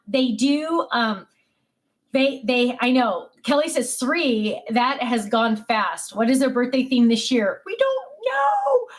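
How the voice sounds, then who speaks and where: An older woman, a grandmother, chatting casually and telling family stories with many fillers and restarts. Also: a little high. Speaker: craft vlogger. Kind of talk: casual chat.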